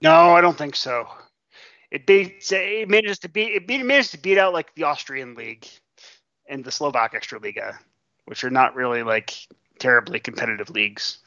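A man co-hosting a casual podcast, analytical and halting with many restarts, swearing casually. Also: a little high, bright, forceful tone, no echo. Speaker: podcast co-host. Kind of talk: casual chat. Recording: dry, dull lo-fi mic.

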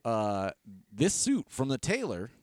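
A man's voice: mid-range voice, huge pitch swings, takes it slowly, no echo, clean studio sound. A man co-hosting a casual comedy podcast, telling long rambling stories with restarts and laughs. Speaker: podcast co-host. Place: podcast studio.

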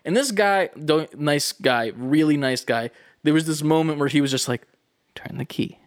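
A young man casually telling a long story, animated and profane, acting out the people in it. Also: fairly high pitch, moderate pace, no echo, studio quality. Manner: animated, swearing, acts out voices in his stories.

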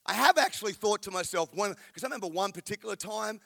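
A pastor, preaching a sermon in a candid, storytelling, emphatic way. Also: male voice, high voice, expressive, fast talker, vocal fry, fairly bright tone.

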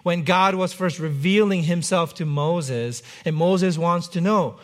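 A man's voice: a little high, slow pace, hardly any pauses. A man preaching a sermon as pastor, conversational with light humor.

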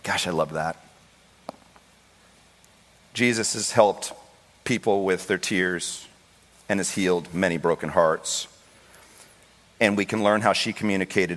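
A male pastor preaching a sermon with passion, acting out the voices in the Bible story and rising to high, pleading cries. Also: unhurried, pauses often, a bit bright. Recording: long hall reverb.

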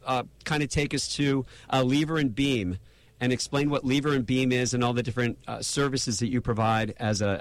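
Guy hosting a radio show, chatty and rambling, mid-pitched voice. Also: no room sound.

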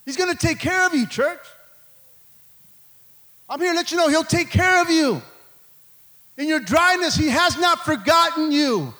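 A man's voice: very high-pitched, lively intonation, unhurried, pauses often, bright, forceful tone. A man preaching a fervent sermon to a church, peppering it with calls of amen and stumbling restarts. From Mexico. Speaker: pastor.

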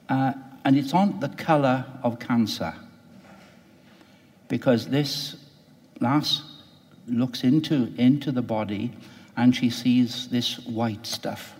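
A man interviews an author with a rambling, searching delivery, often correcting himself as he goes. His voice sits at an ordinary middle pitch. The recording has a long, reverberant hall tail. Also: a little mellow. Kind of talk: thoughtful radio interview.

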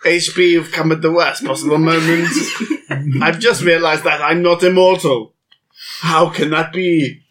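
Playful guy hamming up a comedy bit, bright voice. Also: fairly high pitch, steady tone, a little slow. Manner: playful, theatrical, laughing often. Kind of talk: improvised comic storytelling.

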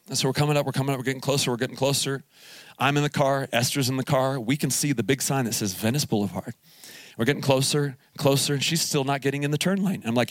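A man's voice: mid-range voice, fast talker, no echo. A pastor in his forties preaching at a youth camp, telling a family story with acted-out dialogue and humor. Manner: animated storytelling, acting out dialogue. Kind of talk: live sermon at a youth camp. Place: camp meeting hall.

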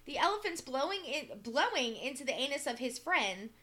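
High, lively woman reading with dry asides. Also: moderate pace. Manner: reads aloud with dry asides and giggles. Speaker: co-host reading articles. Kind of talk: casual podcast chat.

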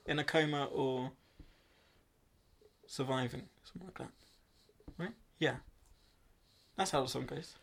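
A man's voice: medium pitch, measured pace, long pauses, fairly bright tone. A man co-hosting a podcast in casual chat, laid-back, mostly giving short agreeing replies. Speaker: podcast co-host.

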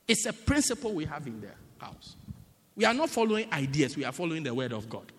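Male preacher, sermon style, lively swooping pitch, reverberant church hall. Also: fast. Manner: animated, builds to loud emphatic bursts with repeated phrases.

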